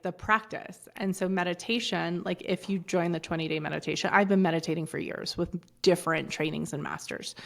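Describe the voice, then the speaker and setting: A woman's voice: on the low side, creaky. A woman in her forties in casual podcast chat, talking bluntly and swearing freely, with rambling asides. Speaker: podcast guest.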